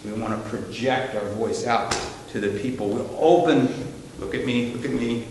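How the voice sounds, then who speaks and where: A man's voice: mid-range voice, normal speed, darkish tone, a little hiss or hum. A man leads a live seminar for a ministry team, chatting and telling stories with lots of fillers and restarts. His voice sits in a middle register. The recording is heavy with room echo and reverb, as if captured in a big hall. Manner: folksy, storytelling, many fillers and restarts.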